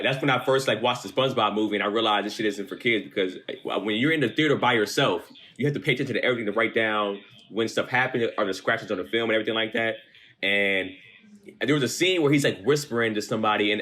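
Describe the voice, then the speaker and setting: A man's voice: fairly low pitch, bright, forceful tone. A young man on a podcast telling casual, blunt work stories in a laid-back way, swearing freely. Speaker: podcast co-host. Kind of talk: casual storytelling chat.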